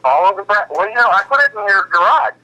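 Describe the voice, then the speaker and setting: A man's voice: sits high, expressive, quick pace, bright, forceful tone. A man chatting casually over a phone line, hesitant with many fillers. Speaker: co-host on phone. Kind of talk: casual chat.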